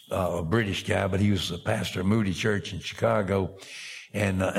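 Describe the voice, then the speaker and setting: A man's voice: on the low side, vocal fry, breathy edge. An older man preaching a sermon, reading scripture aloud and breaking off for folksy asides.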